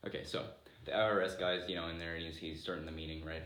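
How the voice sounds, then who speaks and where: A man's voice: sits low, level tone, fast talker, a bit bright. A man hosting a casual podcast with friends, telling a rambling joke full of fillers. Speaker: podcast host. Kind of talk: casual chat among friends. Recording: echoey room.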